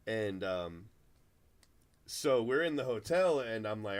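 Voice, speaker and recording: A man's voice: fairly low pitch, lively intonation, slow pace. A middle-aged man hosting a card break, chatting casually and telling rambling stories full of restarts. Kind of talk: casual chat while opening cards.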